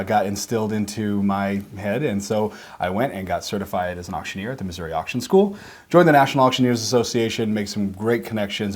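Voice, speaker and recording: Upbeat low-voiced man giving a tour. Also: a little mellow. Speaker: auctioneer and business owner. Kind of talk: walking tour explanation. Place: warehouse facility.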